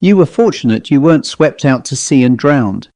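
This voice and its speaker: A man's voice: mid-range voice, animated, normal speed, dry recording, clean studio sound, close to an everyday voice. Man voicing a friendly hospital nurse. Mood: gentle. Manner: gentle, becoming formal.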